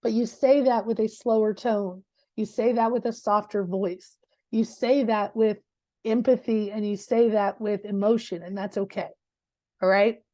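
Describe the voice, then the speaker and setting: Unhurried and medium in pitch, this woman's darkish voice keeps a fairly even intonation, with no room sound. As a real estate coach running a live teaching session, she addresses her class directly and conversationally, checking in often with plenty of rhetorical "right?"s.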